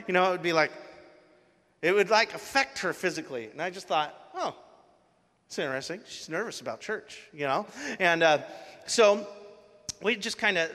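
A man with a bright, slightly high voice tells a personal story during a sermon. He speaks casually and earnestly, with plenty of fillers and restarts. His voice rings with the long reverb of a large hall.

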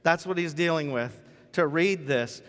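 A man preaching a casual, joking sermon as pastor, telling the story with lively asides. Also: fairly high pitch, unhurried. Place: church sanctuary. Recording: church hall with long reverb.

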